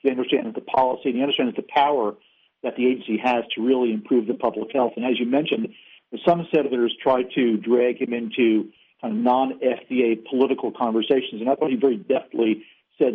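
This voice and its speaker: Fast-talking man on a phone line. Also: medium pitch, steady tone, breathy edge. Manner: fluent, policy-focused, frequent "you know" fillers. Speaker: interview guest, former agency official. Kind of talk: interview on a call-in line.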